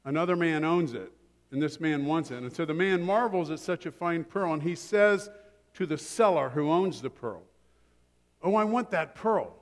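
High-voiced pastor preaching in a reverberant hall. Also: male voice. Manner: acts out a dialogue between buyer and seller, shifting voices. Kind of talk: sermon.

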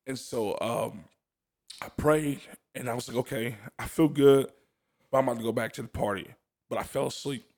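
A young man tells his personal testimony in a casual chat, his mid-range voice somewhat dark and moving at a moderate pace. He tells it earnestly, laughing often and restarting his sentences.

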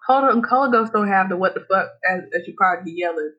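A woman's voice: mid-range voice, fast, slightly rough. A woman co-hosting a podcast in casual chat, blunt and profane, laughing often. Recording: dull lo-fi recording.

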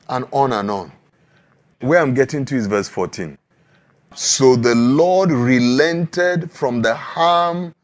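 A male preacher delivers a dramatic sermon, acting out pleading prayers and God's answers. His voice sits high and a little husky, and it swings widely in pitch. He takes his time, stretching out phrases slowly.

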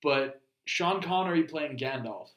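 Animated man telling stories, bright tone. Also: on the high side, unhurried, roomy sound. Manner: animated storytelling with mock impressions. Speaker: podcast co-host. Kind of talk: casual chat.

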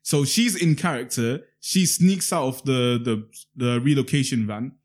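Young guy, brisk and lively, lots of slang, recounts at length. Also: mid-range voice. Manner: animated storytelling with heavy slang. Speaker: podcast co-host. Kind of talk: casual chat.

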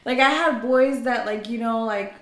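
A young woman hosting a podcast in casual chat, animated, laughing often and filling her talk with "like" and "you know.". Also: a little high, moderate pace, reverberant. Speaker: podcast host.

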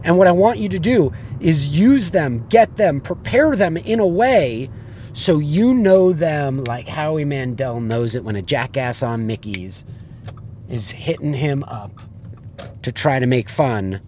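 Give me a blunt man coaching on sales, with a lively storytelling manner and a slightly high voice. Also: a little slow, slight background noise. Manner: animated storyteller who acts out the people he quotes; blunt and profane. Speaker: business coach.

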